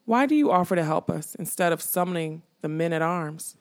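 A woman's voice: lowish voice, expressive, fairly quick. A woman voicing an anxious, pleading young woman. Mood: timid. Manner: pleading, nervous. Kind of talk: audiobook reading.

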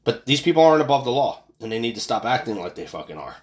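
A fired-up American man in his thirties rants on his own podcast, swearing freely and repeating himself when he gets heated. His pitch swings widely, leaping up for sarcastic jabs and dropping low for grumbled asides. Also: big pitch swings, fast talker. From United States. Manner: profane, angry, ranting with sarcastic outbursts. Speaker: podcast host. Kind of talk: casual political rant.

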